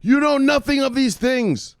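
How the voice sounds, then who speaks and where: A man's voice: extremely high pitch, a little slow, clear, resonant tone, no room sound, pitched above the performer's own voice. A man voicing a grandiose grown son who lectures his mother in a pompous, declaiming way.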